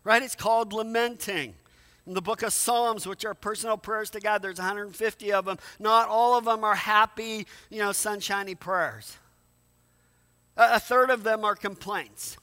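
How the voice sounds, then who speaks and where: A man's voice: high-pitched, steady tone, moderate pace, pushed and bright. A man preaching a sermon in a conversational way, often repeating words and asking rhetorical questions. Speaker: pastor.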